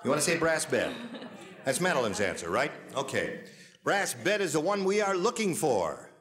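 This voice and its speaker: A man hosting a 1970s television game show with jokey, animated patter, heard in old studio audio. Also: a little high, normal speed. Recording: archival 1970s TV studio sound.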